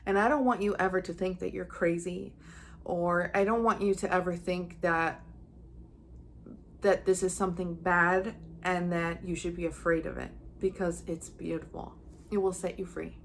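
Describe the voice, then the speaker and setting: With a fairly low voice, vocal fry, and mostly even intonation at a normal speed, a young psychic medium recounts something personal to her audience. She is earnest and acts out what she was thinking with feeling, and a light hiss or hum runs underneath.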